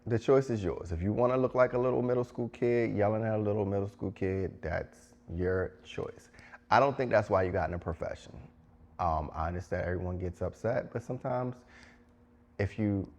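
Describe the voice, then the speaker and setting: A man's voice: on the low side, moderate pace, a little mellow. A man giving emphatic, preachy advice to teachers, repeating phrases for stress. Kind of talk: direct-to-camera advice talk.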